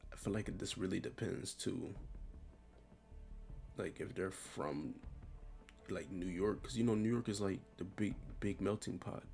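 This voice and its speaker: Low gravelly young man, slangy and offhand. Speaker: commentator ranking a tier list. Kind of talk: casual commentary.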